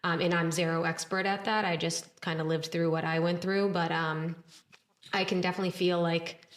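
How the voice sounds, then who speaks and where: A woman sharing her own experience openly and reflectively. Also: on the low side. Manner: open, reflective. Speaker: podcast co-host. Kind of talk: casual personal sharing. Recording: echoey room.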